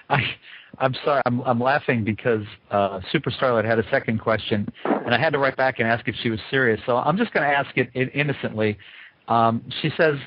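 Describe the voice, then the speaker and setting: A man's voice: medium pitch, a little fast, no room sound. A man hosting a podcast interview, talking casually with lots of hesitant fillers and a playful, teasing manner. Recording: muffled dry lo-fi audio.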